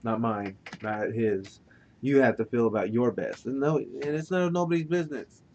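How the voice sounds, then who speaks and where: A man's voice: moderate pace, darkish tone. A man co-hosting a podcast, laid-back and rambling, swearing freely, talking with a dry mouth. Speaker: podcast co-host. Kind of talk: casual chat. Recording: dull lo-fi recording with faint rumble.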